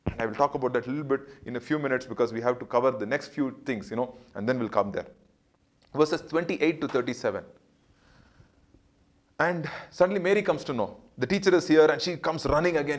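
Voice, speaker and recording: A man giving an earnest Bible study, repeating phrases for emphasis and building up on key points before dropping soft at the ends of lines. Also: medium pitch. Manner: rises and swells on key points, drops soft at line ends. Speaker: Bible teacher.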